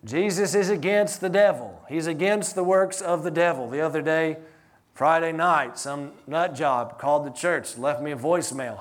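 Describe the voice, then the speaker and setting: A pastor preaches an animated sermon in a slightly high voice at normal speed. He swings between loud, emphatic lines and hushed ones, laughing through his stories.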